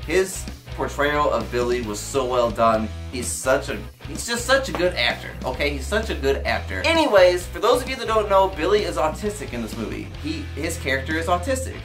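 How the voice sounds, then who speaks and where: A young man giving a casual movie review vlog, emotional and excitable, swearing freely as his pitch leaps when he gets worked up. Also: a little fast, hardly any pauses, faint music behind.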